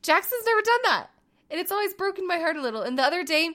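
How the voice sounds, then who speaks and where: A woman in her thirties co-hosting a casual chat, a stay-at-home mom who tells animated stories and acts out the voices. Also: extremely high pitch, quick pace. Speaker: podcast co-host.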